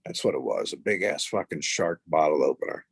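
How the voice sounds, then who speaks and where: Gravelly, husky man telling stories. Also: very deep voice, a little fast, dry recording. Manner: profane, rambling, animated retelling. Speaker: podcast guest. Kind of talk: casual storytelling.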